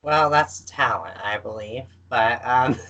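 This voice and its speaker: This podcast co-host talks loosely about games in a mid-range, sharp-toned voice captured on a rough recording. He's slow and halting, leaning on lots of fillers.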